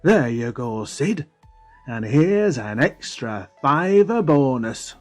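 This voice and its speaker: A man's voice: medium pitch, sing-song, slow, soft background music, pitched above the performer's own voice. A man reading an audiobook, voicing a pleased, hearty male club manager.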